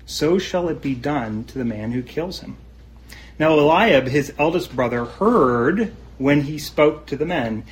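A man in the middle of a sermon, his voice sitting at an ordinary mid pitch. He reads scripture aloud and then explains it in an earnest, conversational way. He keeps checking in with his listeners, asking whether they see what he means. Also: rough recording. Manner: earnest, conversational, often asks the listeners questions. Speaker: preacher.

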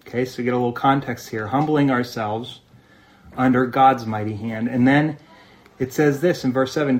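A man's voice: medium pitch, steady tone, normal speed. Earnest man preaching conversationally. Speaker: pastor. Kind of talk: sermon.

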